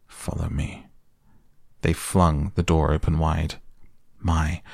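Slow, gravelly man reading a bedtime story. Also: low-pitched, dry recording, clean studio sound. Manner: soft, slow and even. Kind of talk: soft bedtime audiobook reading.

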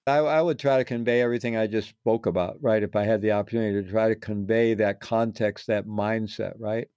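A man's voice: on the low side, fairly even intonation, fairly quick, darkish tone, smooth, no echo. A man talking as an interview guest, earnest and reflective, often restarting words and adding "right?" tags. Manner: earnest, repeats words, adds tag questions. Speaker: guest, former prisoner teaching meditation practice.

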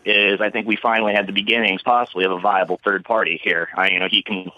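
A man's voice: fairly low pitch, little pitch movement, fast, no echo. A man calling in to a radio show, sharing a hopeful, rambling opinion in a friendly way. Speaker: radio caller. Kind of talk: call-in comment. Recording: dull, dry call-in audio.

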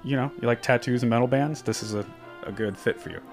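A man's voice: medium pitch, fast, faint music behind. A man hosting a casual podcast chat, talking in a loose, chatty way with rambling asides. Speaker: podcast host.

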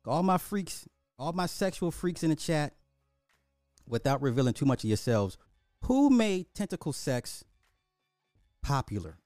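A man hosting a livestream, chatting casually with his viewers in a teasing, animated way. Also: measured pace, long pauses, no echo, clean studio sound, soft background music. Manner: animated, teasing, swoops in pitch. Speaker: livestream host.

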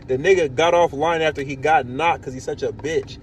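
Animated, profane man telling stories. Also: on the high side, fairly quick, slight background noise. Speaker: podcast host. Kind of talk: casual chat.

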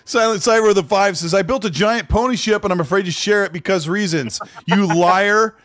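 A man hosting a casual podcast chat on a headset, animated as he reads chat comments aloud. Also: sits high, a little fast, no room sound. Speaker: podcast host.

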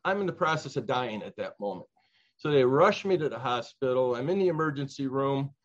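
An older man from Chicago, recounting childhood memories in an interview, earnest and reflective, pausing and restarting often. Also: mid-range voice, lively intonation. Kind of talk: personal storytelling interview. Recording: slightly dull lo-fi sound.

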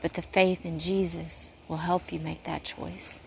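A woman's voice: lowish voice, little pitch movement, unhurried, vocal fry, a little hiss or hum. A woman who works in urgent care, talking in a casual faith-based monologue, earnest and rambling with a preachy streak, pacing as she talks. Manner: paces while talking.

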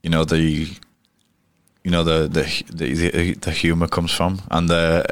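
Low, monotone and slow, this voice comes through a dry recording. He's a cricketer with a Yorkshire accent, guesting in a pub interview and casually telling blunt, rambling stories riddled with restarts.

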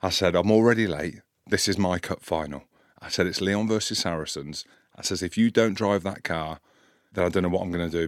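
A man in his forties, a podcast co-host and commentator, telling an animated story in casual chat, his voice rising sharply when he replays an argument. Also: a little fast, dry recording, studio quality. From Scotland. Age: 40s. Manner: animated anecdote, gets loud and high when quoting the argument.

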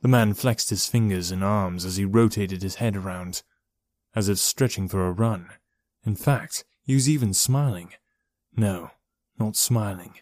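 Man, lowish voice, measured horror narration, dry close sound. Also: darkish tone, no room sound. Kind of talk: scripted horror audiobook narration.

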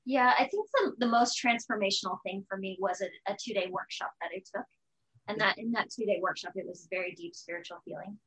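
Woman guest, candid, animated, mid-pitched voice, acts out inner voices. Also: brisk, low-quality recording. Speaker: podcast guest. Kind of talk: candid conversational interview.

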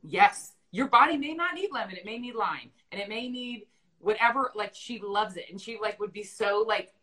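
A woman's voice: mid-range voice, moderate pace, poor audio. A woman hosting a casual chat, animatedly telling stories and acting out what people said. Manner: animated storyteller, quotes people with voices. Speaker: podcast host.

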